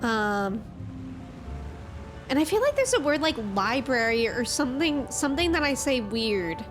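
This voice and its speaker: Young woman streamer chatting with chat, kinda high voice, faint game music behind. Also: sing-song, measured pace. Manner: chatty, reads chat aloud and reacts. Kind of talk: casual gaming stream chat.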